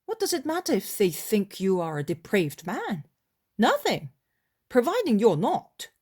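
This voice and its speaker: A woman narrating an audiobook of a religious novel in a slow, deliberate reading. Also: medium pitch, huge pitch swings, a little mellow, slightly rough.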